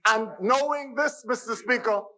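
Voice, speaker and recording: A man's voice: very high voice, normal speed, crowd noise, rough recording. A man with a Bahamian accent giving an emphatic parliamentary debate speech in a parliament chamber, repeating phrases for stress. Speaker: member of parliament.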